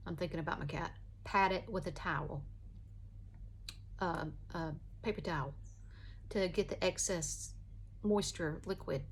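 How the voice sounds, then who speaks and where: Chatty woman in her fifties. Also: medium pitch. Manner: folksy, chatty, digressive. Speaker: vlogger. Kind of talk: casual rambling chat while doing makeup.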